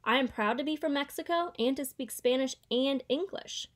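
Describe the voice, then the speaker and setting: A woman's voice: high voice, normal speed, voice pushed up, lightly acted. A woman reading a children's picture book aloud, voicing a proud older great-aunt who speaks in a tender, earnest way. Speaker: reader.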